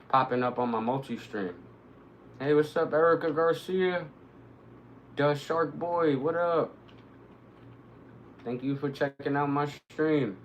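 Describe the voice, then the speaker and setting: A man streaming live, commenting on his gameplay, who bursts into excited, cursing shouts at the action. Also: mid-range voice, a little hiss or hum, low-quality recording. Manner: excitable, swearing, shouting reactions to the game.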